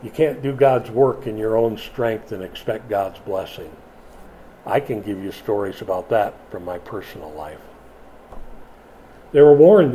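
A man preaching a sermon, dramatic and animated, dropping from loud emphasis to hushed lines and acting out voices. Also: mid-range voice, a little slow, a little hiss or hum. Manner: acts out biblical voices in quotes.

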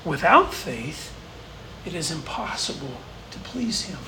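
A man's voice: on the high side, big pitch swings, measured pace, background noise. A man preaching a sermon as pastor, earnest and building his points through emphatic repetition. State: briefly choked up.

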